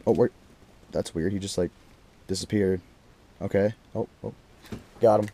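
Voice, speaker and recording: A young man vlogging as he ice fishes, giving an excited, slangy play-by-play and exclaiming loudly at each catch. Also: sits low, moderate pace, a little hiss or hum. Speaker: fishing vlogger. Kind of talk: excited play-by-play while fishing. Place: ice fishing on a frozen lake in deep cold. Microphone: action camera.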